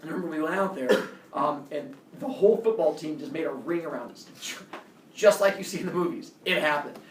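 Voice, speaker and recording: A man's voice: a little high, fairly quick, reverberant, far from the mic, slight background noise. A man, a coach, telling a personal story casually and acting out the voices of the people in it. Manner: animated, acts out quoted voices.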